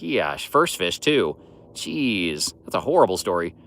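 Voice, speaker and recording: This man's deep voice has a sing-song lilt, a measured pace and a fairly bright tone. Hosting a fishing livestream, he rambles easily through viewers' comments, peppering his talk with "you know."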